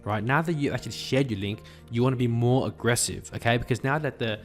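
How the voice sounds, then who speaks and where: Fast-talking man teaching marketing. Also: medium pitch, faint music behind. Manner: chatty, acts out bar small talk. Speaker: online marketing tutor. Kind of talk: casual tutorial talk.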